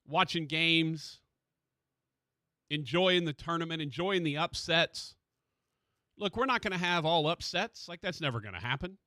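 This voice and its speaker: A man hosting a sports radio show in a studio, chatting casually and excitedly about college basketball. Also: on the high side, measured pace, long pauses, dry recording.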